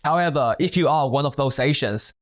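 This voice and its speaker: A man narrating a scripted commentary video in a blunt, measured, pointed way. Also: medium pitch.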